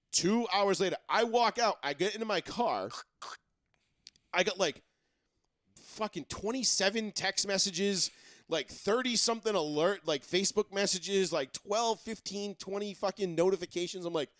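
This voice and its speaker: A man hosting a sports talk show, talking casually and excitably, rambling and swearing often. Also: high-pitched, normal speed, dry recording, clean studio sound. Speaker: sports radio host.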